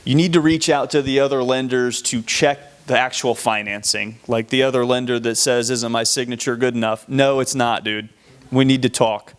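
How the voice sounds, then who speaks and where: A man's voice: medium pitch, moderate pace, smooth. A man with a Southern American accent giving plain, practical tips on selling homes. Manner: plain, steady, practical, a few restarts. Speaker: real estate agent co-presenter. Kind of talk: instructional talk.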